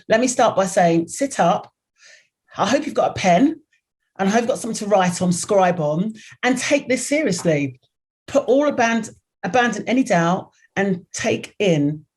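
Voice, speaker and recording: A woman's voice: lowish voice, darkish tone. A woman PR expert giving a motivational talk, direct and earnest, coaching the listener step by step. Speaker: guest, PR expert.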